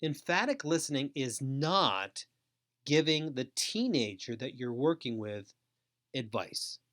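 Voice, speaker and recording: Middle-aged male host, mid pitch, unhurried measured delivery, emphatic. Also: lively intonation, fairly bright tone. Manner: slow, deliberate, emphatic delivery with pauses. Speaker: host and trainer. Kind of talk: scripted training webinar.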